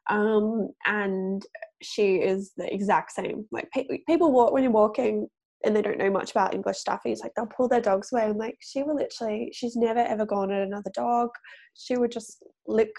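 A woman's voice: mid-range voice, steady tone, moderate pace, creaky, a little mellow. A woman from Australia with an Australian accent, chatting as an interview guest in a rambling, filler-heavy way. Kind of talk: casual interview chat.

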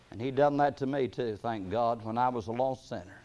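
On a lo-fi recording, a man preaches a sermon, reading scripture in a slow cadence. He climbs to loud, emphatic peaks, then drops low and soft.

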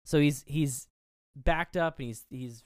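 A man's voice: on the high side, slow pace, no echo. A man co-hosting a casual movie review podcast, retelling scenes play by play and acting out characters' lines. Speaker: podcast co-host.

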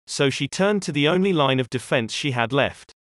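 A man reading posts from an online forum aloud in a steady, even storytelling manner. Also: mid-range voice, moderate pace, no echo, studio quality. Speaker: story reader.

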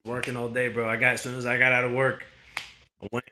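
A man's voice: mid-range voice, monotone, fast, bright, forceful tone, a little hiss or hum, rough recording. A man with a Brooklyn accent, a guest in casual podcast chat, talking in blunt, profane, streetwise banter. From Brooklyn, New York.

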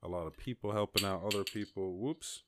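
A man's voice: fairly low pitch, a little fast, background noise. A young Irish man hosting a podcast on his own, rambling casually, swearing freely and laughing often. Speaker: podcast host. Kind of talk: casual solo podcast chat.

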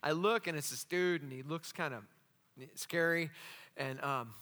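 A man's voice: on the high side, measured pace. A man preaching as a pastor, telling stories with acted-out dialogue and jokey asides. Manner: animated, acts out dialogue in the stories. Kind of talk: sermon with storytelling. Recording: long hall reverb.

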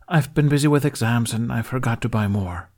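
A man's voice: mid-range voice, brisk, a little mellow, lightly acted. A man voicing a young male Jedi apprentice who is earnest, polite and hesitant. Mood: worried.

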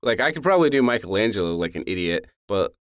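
A laid-back man with a lowish voice, chatting on a podcast, swearing freely and laughing a lot. The sound is dry and close to the mic. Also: big pitch swings, fast talker, no room sound. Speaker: podcast co-host, voice actor. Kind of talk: casual chat.

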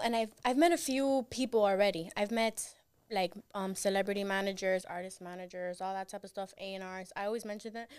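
A woman's voice: mid-range voice, a little mellow. A woman with a Miami accent, a guest chatting casually on a podcast in a loose, laid-back way.

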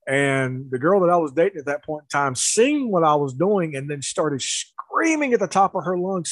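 A man telling a story in casual chat, animated, with laughs and restarts. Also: on the high side, normal speed, hardly any pauses, dry recording, poor audio.

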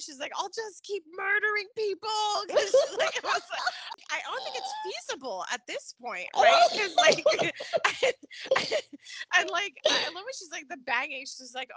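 A woman's voice: sits high, bright, forceful tone. A woman co-hosting a podcast, chatting casually about a soap episode, laughing often and acting out the characters' lines. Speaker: podcast co-host. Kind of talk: casual recap chat.

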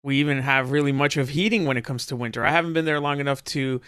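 A man's voice: medium pitch, fast, bright, forceful tone, clear, resonant tone, dry recording, clean studio sound. A man co-hosting a podcast in casual chat, laid-back and joking, talking with fillers. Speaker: podcast co-host.

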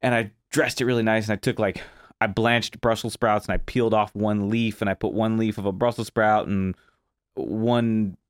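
A man's voice: lowish voice, flat delivery, normal speed, clear, resonant tone, no room sound, clean studio sound. A man hosting a podcast, telling loose, profane kitchen stories with plenty of fillers. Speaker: podcast host, chef. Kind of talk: casual chat.

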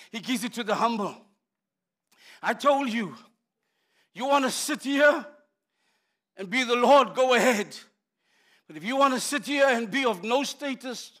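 A middle-aged man preaching a sermon in a high, bright voice. He is impassioned, building to shouts and dropping to hushed, intimate tones. His delivery is forceful and direct. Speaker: pastor.

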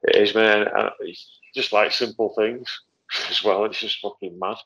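New Zealand man, lowish voice, halting agreeable speech, muffled lo-fi audio. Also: steady tone, fairly bright tone, slightly rough. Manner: hesitant and agreeable, saying "mate". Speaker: podcast guest. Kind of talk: casual podcast chat.

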